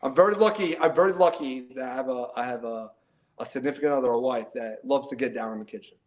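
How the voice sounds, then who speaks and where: A middle-aged man from the New Jersey and New York area, chatting as a guest in a casual interview, animated, often repeating words and laughing. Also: mid-range voice, fast, poor audio.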